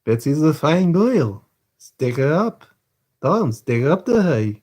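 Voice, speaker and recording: Dude doing a sneaky old crook, coaxing, slightly raised voice. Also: male voice, on the high side, sing-song, takes it slowly, darkish tone, voice pushed up, full character voice. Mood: wheedling. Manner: wheedling, calls everyone my dear. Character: old scheming male fence, wheedling and sly.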